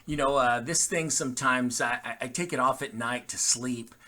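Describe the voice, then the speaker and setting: A man's voice: medium pitch, normal speed, sharp tone. A man speaking as a pastor, giving a short, casual devotional message to his church with frequent restarts.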